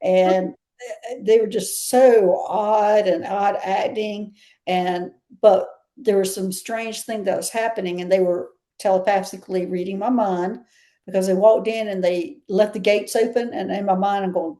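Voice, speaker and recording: A woman's voice: medium pitch, fairly even intonation, unhurried, warm tone. A woman with a Southern US accent, a guest chatting and telling stories in an interview, often laughing. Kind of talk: casual interview storytelling.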